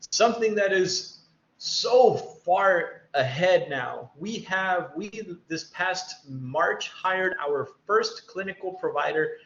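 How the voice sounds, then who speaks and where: A high-voiced, middle-aged college faculty member addresses students on a virtual panel via video call, speaking in a conversational, encouraging way and playing out small exchanges between teacher and student. The sound is echoey and roomy, with a muffled, dull quality.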